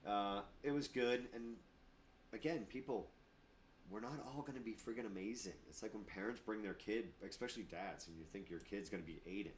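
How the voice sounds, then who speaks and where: A man's voice: fairly low pitch, brisk, a little hiss or hum. A middle-aged man, a martial arts instructor and gym owner, chatting casually on a podcast and acting out quoted voices with emphasis.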